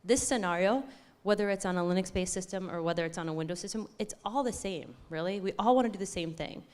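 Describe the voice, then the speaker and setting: A woman speaks at a tech conference with a slightly low, excited voice. She talks in a chatty way and often stops to correct herself. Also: smooth. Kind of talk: live conference talk.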